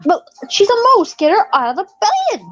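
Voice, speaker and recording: A woman's voice: very high-pitched, animated, fairly quick, fairly bright tone, muffled recording, faint music behind. A woman calling into a live chat, chatty and laughing, fussing over her small dog. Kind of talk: casual chat.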